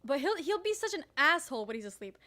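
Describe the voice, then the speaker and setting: A young woman streamer telling a story in casual chat, animated, swearing freely and leaning on "like" a lot. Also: high-pitched, quick pace. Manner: animated, swears freely, heavy use of "like", laughs often.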